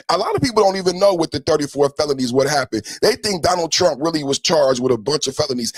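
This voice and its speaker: A man with a high voice delivers a heated political commentary rant as a podcast host. He is profane and mocking, and he often flares up into shouting. The sound is dry and close, with no room echo.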